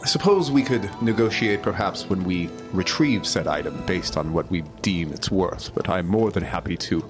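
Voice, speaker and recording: A man with a deep voice speaking in character at a tabletop game. His phrasing is wordy and mock-formal. Music plays clearly behind him. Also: moderate pace, hardly any pauses. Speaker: player. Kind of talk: in-character tabletop role-play.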